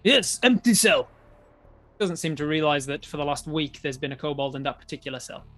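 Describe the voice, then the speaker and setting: A man's voice: fairly high pitch, flat delivery, quick pace. A man with an Australian accent running a tabletop game as dungeon master, narrating with frequent laughs. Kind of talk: game narration for a live stream.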